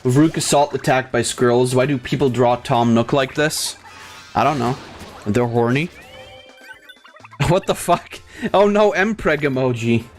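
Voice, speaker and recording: A man's voice: medium pitch, moderate pace, soft background music. A man doing gameplay commentary in a crude, sarcastic, profane rant. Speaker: let's play host.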